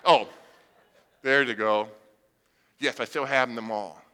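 Animated bright-voiced man preaching in a hall. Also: mid-range voice, slow pace. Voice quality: blind speaker. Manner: humorous, animated storytelling with acted-out voices. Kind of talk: sermon with storytelling.

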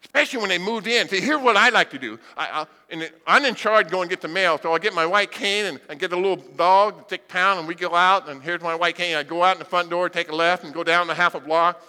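In a large hall, a blind man gives a sermon, telling funny stories with animation and acted-out voices. His high voice is clear and resonant, moving fast with few pauses.

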